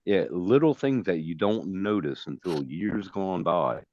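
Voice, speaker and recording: A man's voice: low-pitched, measured pace, muffled recording. A man hosting a casual talk show, speaking loosely and swearing as he shares a family story. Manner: loose, swears, lively when quoting. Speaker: host. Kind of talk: casual chat.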